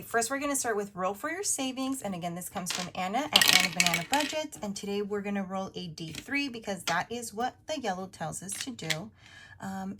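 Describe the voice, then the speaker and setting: Woman, 30s, upbeat rambling vlogger voice, mid pitch, faint background hiss. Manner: chatty, upbeat, rambling with fillers. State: partly whispering. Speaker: budgeting vlogger. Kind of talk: casual chatty narration over cash stuffing.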